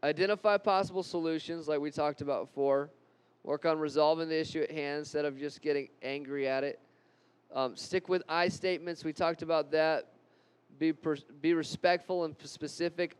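A man giving an animated anger-management talk to a live group, repeating key points and joking at his own expense. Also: on the high side, normal speed, smooth, low-quality recording.

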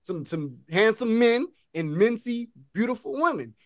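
A man's voice: a little slow, no echo, studio quality. A man co-hosting a podcast, telling a story in casual chat and acting out the people in it. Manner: animated storyteller acting out characters in high voices. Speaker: podcast co-host.

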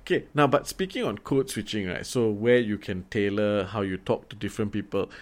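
A man's voice: lowish voice, a little fast. A man from Singapore with a Singaporean English accent, talking casually and animatedly, swearing freely with lots of fillers and restarts. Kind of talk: casual conversation.

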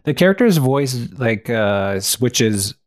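A man's voice: mid-range voice, sing-song, takes it slowly. A man co-hosting a casual podcast, wryly summing up reviews and a plot with lots of filler words. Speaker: podcast co-host.

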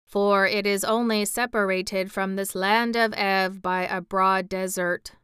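A formal clockwork man of copper speaks in a storybook, stiff, measured and courteous, as a woman reader puts him on. The voice is smooth and resonant, set a little higher and louder than plain talk, unhurried, in a dry, close sound. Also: fairly even intonation, dry recording, lightly acted.

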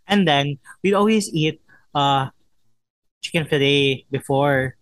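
A man's voice: fairly high pitch, takes it slowly, dry recording. A young man hosting a casual podcast chat, mixing in Tagalog and laughing often. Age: young adult. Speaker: podcast host.

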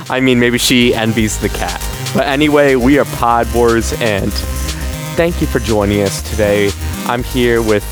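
A man's voice: mid-range voice, steady tone, a little slow, music in the background. A young man co-hosting a podcast in casual, joking chat, laughing often. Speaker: podcast co-host.

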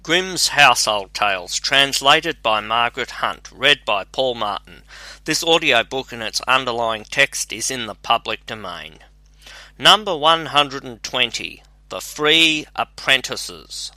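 Male audiobook narrator, measured and unhurried, bright dry sound. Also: medium pitch, no echo. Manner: measured, even reading. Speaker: audiobook reader. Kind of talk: storybook narration.

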